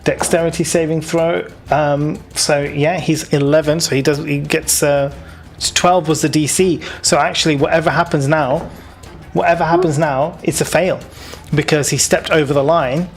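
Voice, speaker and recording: A man's voice: on the high side, steady tone, normal speed, faint music behind. A man with a British accent running a tabletop game as game master, in a casual, chatty way with many fillers.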